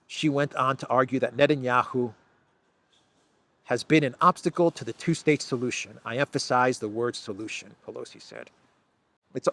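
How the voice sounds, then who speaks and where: A man's voice: mid-range voice, a bit bright, no room sound. A man hosting a solo news commentary, talking in an emphatic, sarcastic way with frequent restarts. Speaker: political commentary host.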